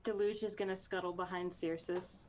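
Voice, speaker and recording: A woman's voice: fairly low pitch, flat delivery, normal speed, a little mellow, muffled recording, a little hiss or hum. A woman playing a tabletop game, with sarcastic, self-mocking banter. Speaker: player.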